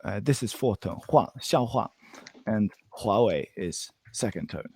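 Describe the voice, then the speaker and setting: A man teaching Mandarin phrases one on one, patient, modeling them slowly and laughing often. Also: fairly low pitch, expressive, darkish tone, a little hiss or hum. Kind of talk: one-on-one language lesson.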